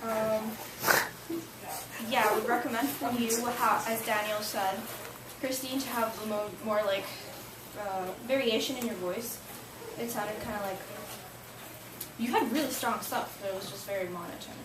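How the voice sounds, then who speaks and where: A woman's voice: on the high side, fairly even intonation, moderate pace, pauses often. Bubbly female student, distant and noisy. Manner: bubbly, hesitant, many ums. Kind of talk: peer feedback. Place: classroom. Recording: echoey, distant, very noisy classroom recording.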